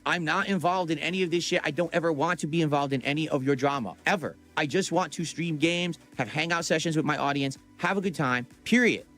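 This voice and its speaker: A man's voice: fairly high pitch, a little fast, few pauses, fairly bright tone, faint music behind. A man livestreaming to his chat in a casual, profane and defensive rant.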